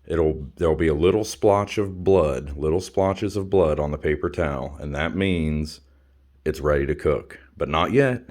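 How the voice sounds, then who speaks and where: A man's voice: deep voice, a little mellow. A man in his home kitchen, filming a casual cooking tutorial on his phone, blunt and crude, repeating his instructions again and again. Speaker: home cook showing a recipe. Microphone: phone camera.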